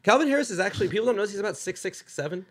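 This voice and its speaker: A young man, a podcast guest telling a rambling, profane, animated comic story. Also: sits high, racing, a loud crowd.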